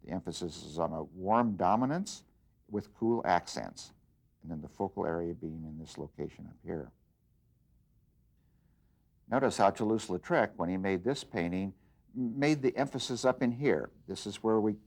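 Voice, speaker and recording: A man with a fairly low voice teaches an art lesson. He talks through his demonstration patiently and plainly, often pausing on fillers and starting phrases over. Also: darkish tone. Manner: plain, patient explaining with frequent fillers and restarts. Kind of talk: instructional demonstration.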